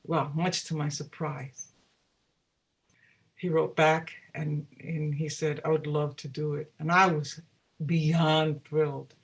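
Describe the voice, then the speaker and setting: A woman singer-songwriter, a guest in an interview, telling stories in a lively way and acting out the dialogue she quotes. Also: sits low, slow pace. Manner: animated, acts out quoted dialogue. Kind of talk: storytelling in a casual interview.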